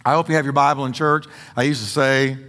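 A man's voice: mid-range voice, fairly even intonation, fast, fairly bright tone, in a large hall. A man preaching a sermon as pastor, stressing points by repeating words and joking with the congregation in a church. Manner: folksy humor with the congregation. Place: church sanctuary.

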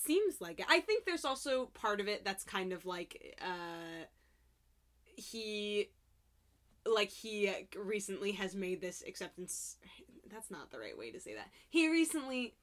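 A woman's voice: medium pitch, big pitch swings, measured pace, fairly bright tone. A young adult woman co-hosting a casual recap chat, chatty and giggly, with lots of "like" between her words. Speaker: podcast co-host.

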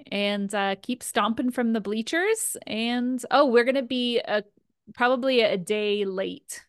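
A woman's voice: fairly high pitch, creaky, a bit bright, clear, resonant tone, no echo, clean studio sound. A middle-aged woman co-hosting a podcast, chatting casually and laughing often. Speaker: podcast co-host. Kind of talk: casual chat.

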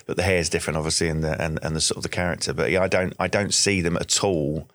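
A man's voice: low voice, steady tone, quick pace, a bit bright, dry recording. A man, a guest on a podcast, chatting casually and with enthusiasm, often restarting and repeating words. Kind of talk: casual chat.

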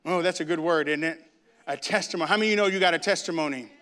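A man preaching a sermon, reading scripture and telling stories with lively acted-out voices. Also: fairly high pitch, rapid-fire. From grew up in a Baptist church. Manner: animated storytelling, acts out voices.

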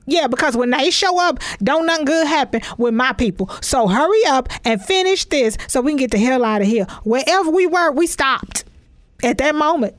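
Woman comic, high voice, dry close sound, sassy, emphatic storyteller. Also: moderate pace, dry recording. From Texas. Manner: animated, emphatic, sassy asides. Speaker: comedian.

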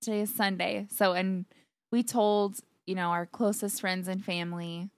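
A young woman telling a story in relaxed conversation, her voice sitting at an ordinary middle pitch. She laughs often and acts out what was said, recorded close and dry with no room sound. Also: moderate pace, no room sound. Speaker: podcast guest, fiancée. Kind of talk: casual storytelling chat.

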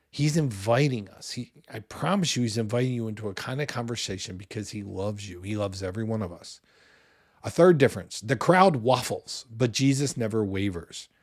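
A man in his forties preaching a sermon in a conversational, animated way, with loud bursts when he acts out what people say. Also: lowish voice, dry recording, studio quality. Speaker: pastor.

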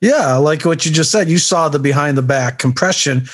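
A man of ordinary pitch talking casually as a co-host. He rambles, restarts his sentences and leans on "you know" as he works toward his point. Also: normal speed. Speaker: podcast co-host. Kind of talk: casual chat.

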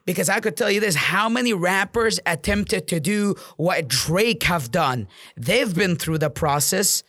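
A man's voice: sits high, expressive, measured pace, sharp tone, no echo, studio quality. Intense, profane motivational man. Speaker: real estate entrepreneur. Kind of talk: motivational monologue.

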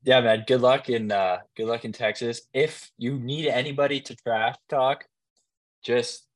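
A man's voice: mid-range voice, fairly even intonation, unhurried, no echo. A man hosting a podcast, upbeat and talkative in casual chat. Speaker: podcast host.

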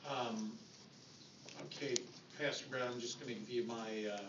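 A man, a pastor in the congregation, answering slowly and hesitantly with many fillers, recorded from across a church hall. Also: mid-range voice, fairly even intonation. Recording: distant, roomy, dull, noisy.

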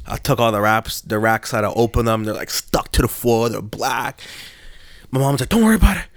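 A young man on a podcast spins a long story, laid-back and rambling, his voice leaping high whenever he laughs. The sound is dry and close, with no room around it. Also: steady tone, normal speed, clean tone, no room sound. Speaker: podcast host. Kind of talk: casual storytelling chat.

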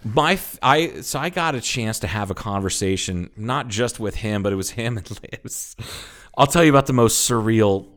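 A man in his thirties, a podcast co-host telling a story in casual chat, animated and full of swearing. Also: lowish voice, moderate pace. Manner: animated storyteller, swears a lot, acts out quotes loudly.

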